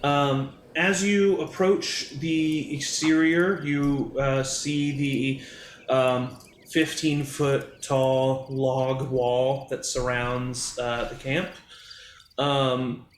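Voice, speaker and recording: A man narrating as game master of a tabletop game, in a relaxed way with many pauses and "um"s. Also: mid-range voice, roomy sound, slight background noise.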